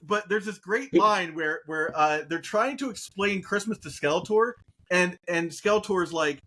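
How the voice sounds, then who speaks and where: Excited guy telling stories on a podcast, lots of uhs and likes, high bright voice. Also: a little slow, slight background noise. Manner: animated storyteller, acts out quotes; enthusiastic, many fillers. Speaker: podcast co-host. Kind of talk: casual chat.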